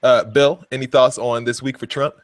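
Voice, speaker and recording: A man's voice: mid-range voice, fairly even intonation, moderate pace, no echo. A man hosting a casual talk show, making wry remarks and steering the talk. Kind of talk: casual chat.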